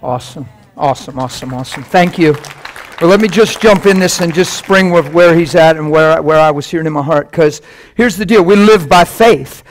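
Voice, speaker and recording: A man's voice: fairly high pitch, a little fast, poor audio. A man preaching a sermon in a chapel, repeating key phrases with emphasis.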